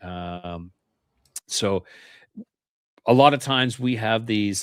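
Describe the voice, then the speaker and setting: A podcast guest on a paranormal interview show earnestly recounts his experiences, often restarting his sentences and repeating words as he begins them. His voice is smooth and fairly low, very slow, with long pauses. The recording is dry and studio quality.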